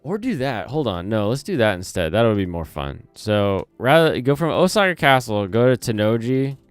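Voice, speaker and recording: A channel host with a slight Southern US twang speaks at normal speed in a medium-pitched, sing-song, smooth voice, recorded close on a desk mic with no echo. His casual livestream rambles as he self-corrects and reads chat aloud, soft lo-fi music and typing in the background.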